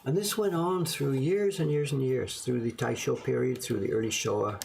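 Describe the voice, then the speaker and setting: Gravelly-voiced man musing over old prints. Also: medium pitch, moderate pace, a little mellow, slight background noise. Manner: rambling, musing aloud, self-deprecating. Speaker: print collector showing his collection. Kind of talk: casual show-and-tell to camera.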